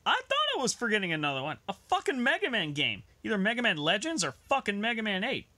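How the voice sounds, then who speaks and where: Young male gaming vlogger, furious and foul-mouthed, fairly high, lively pitch. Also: fast talker, no room sound. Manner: angry, swears constantly. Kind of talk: ranting reaction video.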